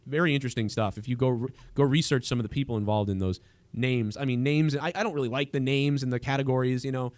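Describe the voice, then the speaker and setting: Fast, rambling man hosting a stream. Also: mid-range voice, fairly even intonation, a little mellow. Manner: rambling, with frequent restarts and trailing thoughts. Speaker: livestream host. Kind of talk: casual political chat.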